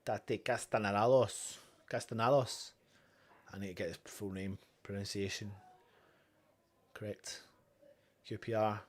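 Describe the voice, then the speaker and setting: A young man hosting a live fan watchalong, calling the play quietly and then erupting into shouts and chants. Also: lowish voice, level tone, measured pace, pauses often. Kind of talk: live fan match commentary.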